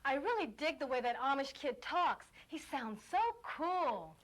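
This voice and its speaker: A woman's voice: high voice, expressive, a little slow, soft background music. A woman voicing an earnest, eager young girl in a cartoon. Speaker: Carrie, daughter in the cartoon.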